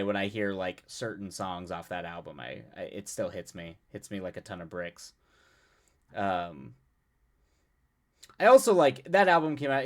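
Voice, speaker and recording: A young man hosting a live stream, chatting casually with his viewers, rambling and self-mocking with frequent laughs and restarts. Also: on the low side. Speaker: livestream host. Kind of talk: casual chat with chat readers.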